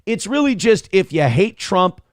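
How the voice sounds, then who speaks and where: Irreverent, animated Midwestern morning host. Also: male voice, high-pitched, a little slow, no echo, studio quality. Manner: irreverent, profane, rambling. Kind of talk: casual live-stream talk show.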